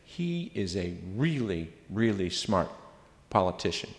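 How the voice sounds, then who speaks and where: A man's voice: on the low side, very animated, a little slow. An older man giving a farewell floor speech as senate president, teasing dryly and then speaking earnestly. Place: legislative chamber. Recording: reverberant hall.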